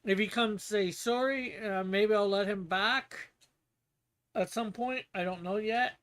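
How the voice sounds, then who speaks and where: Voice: mid-range voice, measured pace, fairly bright tone, clear, resonant tone. A streamer hosting a guessing game, chatting casually to viewers and rambling with restarts and laughs. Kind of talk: casual livestream chat.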